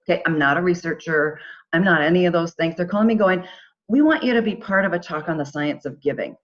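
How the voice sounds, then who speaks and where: A middle-aged woman tells a personal story as a podcast guest. She talks in a lively, animated way and slips into quoted voices for the people in it. The recording sounds dull and lo-fi. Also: lowish voice, fast. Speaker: podcast guest, charity founder. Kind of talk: casual storytelling.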